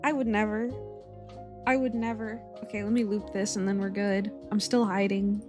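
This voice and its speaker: A woman's voice: mid-range voice, little pitch movement, normal speed, music in the background. A young woman streaming from home, chatting casually and a little rambling, giggling as she greets her chat by name.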